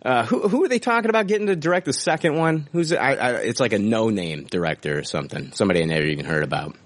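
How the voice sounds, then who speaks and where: A man's voice: medium pitch, animated, very fast. A man hosting a podcast, rambling casually with lots of swearing and laughing at his own jokes. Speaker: podcast host. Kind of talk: casual profane banter.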